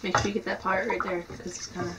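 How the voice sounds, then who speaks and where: A woman helping bathe a kitten, anxious and giving quick instructions. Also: mid-range voice, little pitch movement, distant mic. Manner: anxious, gives quick directions. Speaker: kitten caretaker. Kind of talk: casual chat while bathing kittens. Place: home bathroom by a running tub. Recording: clear background noise.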